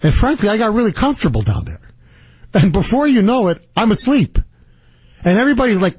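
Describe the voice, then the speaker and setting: A man hosting a talk radio show, telling stories in an animated, indignant way and taking calls. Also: high voice, brisk, breathy edge, dry recording. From Canada. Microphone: studio microphone.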